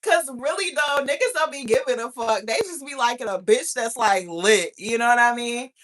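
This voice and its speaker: A woman's voice: on the high side, normal speed, fairly bright tone. A woman in her thirties hosting a talk show, chatting casually in a brash, profane, laughing way. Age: 30s. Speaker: podcast host. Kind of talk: casual chat.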